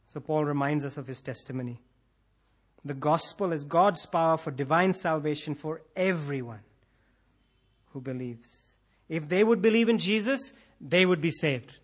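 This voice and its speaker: A man's voice: on the high side, moderate pace. A man preaching a sermon, building to intense emphasis and repeating key phrases, sometimes acting out imagined prayers. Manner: acts out imagined prayers in quoted voices. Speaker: pastor.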